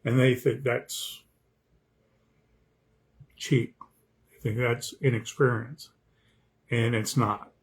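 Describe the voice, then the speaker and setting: A man's voice: medium pitch, flat delivery, slow, pauses often, husky. A man, an author, talking casually about writing, rambling and repeating words, often checking in with the listener. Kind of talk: casual talk on writing craft.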